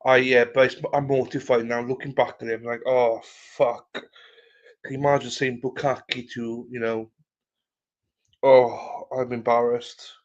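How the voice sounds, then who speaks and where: A man's voice: mid-range voice, little pitch movement, normal speed. A man hosting a casual livestream chat. He greets viewers by name and swears freely as he rambles. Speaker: livestream host. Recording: slightly muffled lo-fi audio.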